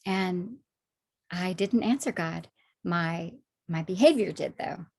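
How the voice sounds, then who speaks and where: A woman sharing her personal faith testimony in conversation, animated when acting out past moments, soft and low when reflecting. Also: takes it slowly, vocal fry, husky. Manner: animated storytelling, acts out her own past words.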